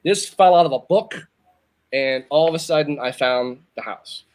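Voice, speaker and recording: A man's voice: fairly high pitch, normal speed, darkish tone. A man in his fifties from Northern Virginia, telling a long personal story in casual chat, rambling and restarting his sentences. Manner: rambling, repeats himself, restarts. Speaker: show host.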